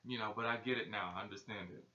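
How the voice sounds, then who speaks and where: A man's voice: on the low side, steady tone, quick pace, sharp tone. Profane, slangy man vlogging in an echoey room. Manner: loose, profane, slangy storytelling. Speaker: spiritual vlogger. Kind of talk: casual talking-head vlog. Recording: echoey room, dull lo-fi sound.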